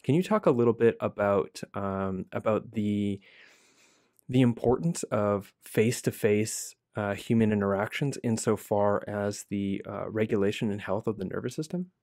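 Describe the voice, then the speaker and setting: A man's voice: on the low side, normal speed, darkish tone, no room sound, studio quality. A man hosting a podcast interview, asking questions and sharing reflections in a candid, rambling way. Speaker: podcast host. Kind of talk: conversational interview.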